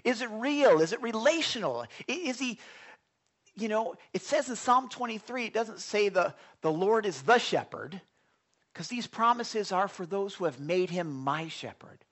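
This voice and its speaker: A man's voice: sits high, expressive, normal speed, fairly bright tone. A man preaching a sermon to young listeners, earnest, with many restarts, sometimes dropping to a whisper for emphasis.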